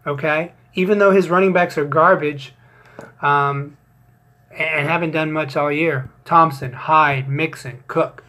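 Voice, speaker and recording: Guy doing a fantasy league recap, slow and jokey, swears a lot, roasts his buddies. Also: fairly high pitch, a bit bright. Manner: joking, profane, teasing. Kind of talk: casual recap monologue.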